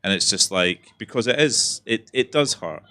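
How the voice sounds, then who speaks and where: A man's voice: lowish voice, expressive, normal speed, pushed and bright, no room sound. A man with a Scottish accent, a theatre director speaking frankly and earnestly on a festival panel. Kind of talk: panel discussion.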